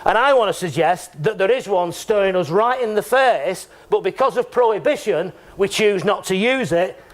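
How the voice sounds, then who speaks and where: Give me a man speaking at a conference, chatty and wry, with a high voice. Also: lively intonation, normal speed. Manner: chatty and joking, with frequent tag questions. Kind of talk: conference talk. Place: lecture room.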